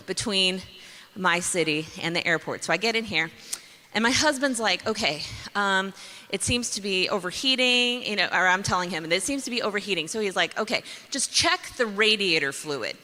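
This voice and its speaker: Woman, young adult, storytelling to an audience, animated, acts out her own lines, long hall reverb. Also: medium pitch. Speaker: speaker.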